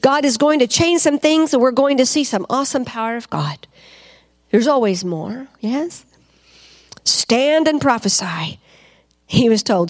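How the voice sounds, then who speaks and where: Lady preaching hard at a conference, kinda high voice, asks the room stuff. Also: measured pace. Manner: fervent, rising to loud cries; asks the crowd questions. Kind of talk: sermon.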